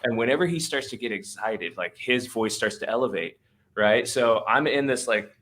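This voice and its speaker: A man's voice: medium pitch, animated, moderate pace, a bit bright, slight background noise. A man hosting a podcast, telling a long story in a slangy, laid-back way with lots of fillers. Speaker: podcast host. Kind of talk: casual storytelling.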